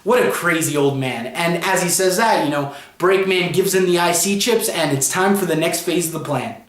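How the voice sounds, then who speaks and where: High-voiced man recapping a comic. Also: moderate pace, echoey room. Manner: rambling retelling, chained with "and" and "you know". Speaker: comic book reviewer. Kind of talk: casual plot recap vlog.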